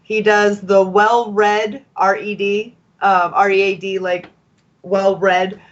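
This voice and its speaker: A woman's voice: medium pitch, little pitch movement, slow, lo-fi sound. A woman from the United States co-hosting a podcast, talking in an opinionated, emphatic way. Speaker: podcast co-host. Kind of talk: casual discussion.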